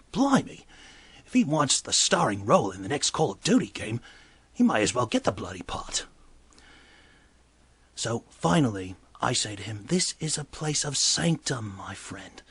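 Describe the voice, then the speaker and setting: A man's voice: mid-range voice, very animated, unhurried, husky, full character voice. A man doing a gossipy bartender. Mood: gossipy storytelling. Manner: exclaims loudly, then drops to hushed asides. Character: chatty male bartender telling a bar story. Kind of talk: comedic character monologue.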